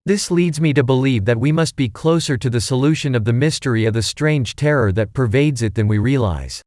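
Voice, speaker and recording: A man's voice: mid-range voice, fairly quick, darkish tone, no room sound, studio quality, close to an everyday voice. A man voicing a bookish teenage boy detective who speaks in a precise, formal way, in a storybook reading. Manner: precise, stiff, formal wording.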